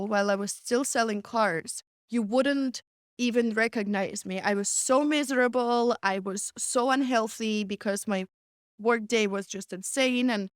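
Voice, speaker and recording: A woman's voice: fairly high pitch, no echo, clean studio sound. A young woman, a comedian guest telling stories in a casual interview and filling her talk with "like.". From Russia. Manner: chatty, frequent "like", laughs often.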